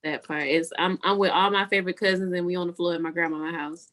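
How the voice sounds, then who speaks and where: A woman's voice: fairly low pitch, steady tone, fast talker, fairly bright tone. A woman co-hosting a podcast, chatting casually and enthusiastically hyping up her friends. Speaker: podcast co-host. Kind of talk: casual chat.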